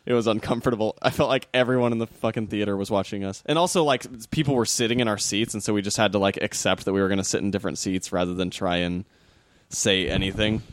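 A man's voice: fairly low pitch, steady tone, fast, no echo. A man in casual chat who talks loosely, fills gaps with "like" and swears. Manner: chatty, lots of "like", swears.

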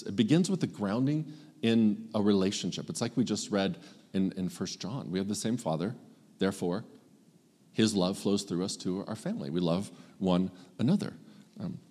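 A male pastor preaching a sermon, earnest and emphatic, with dramatic pauses. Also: lowish voice, a little mellow, in a large hall.

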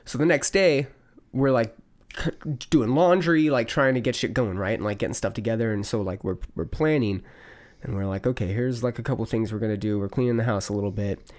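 Male podcast host, relaxed rambling storyteller, swears freely, mid-pitched. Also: brisk. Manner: loose storytelling, swearing, many fillers. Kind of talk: casual chat.

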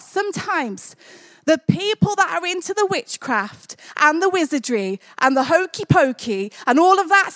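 A woman's voice: extremely high pitch, a bit bright. A woman preaching a sermon in a church, conversational and jokey, building to fervent exclamations.

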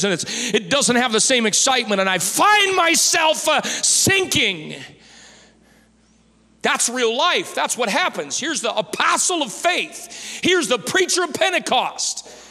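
A male pastor preaching a sermon in a church, impassioned and rising to shouted pleas. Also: very high voice, long reverb tail.

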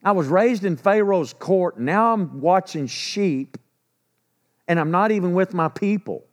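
A man's voice: high-pitched, expressive, unhurried. A man voicing Moses in a sermon as an anxious, self-doubting, exasperated figure. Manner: exasperated, incredulous.

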